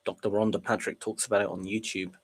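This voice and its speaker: This live trading stream features a young man with a cold whose voice sits on the low side, level and slightly rough, and who talks fast. He narrates casually, reads chat messages aloud, reacts to them, and sniffles throughout.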